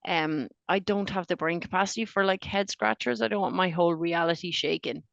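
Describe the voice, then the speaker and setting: Co-host: Australian woman, low gravelly voice, dry close sound, playful and self-mocking banter. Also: a little fast, fairly bright tone, no room sound, muffled recording. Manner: joking, teasing, self-mocking. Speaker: podcast co-host. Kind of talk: casual chat.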